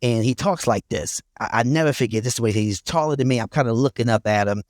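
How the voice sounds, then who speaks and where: A laid-back guy from North Philadelphia, USA, appears as a podcast guest and real estate investor, talking fast at medium pitch in studio-quality audio without echo. In this casual interview he tells stories bluntly and profanely, laughing often.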